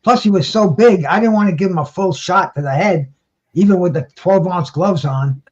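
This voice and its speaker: A man's voice: sits high, normal speed. A man talking casually as a guest on a talk show, rambling with many restarts and casual swearing, heard over a dull lo-fi line. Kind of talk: casual chat. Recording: dull lo-fi sound.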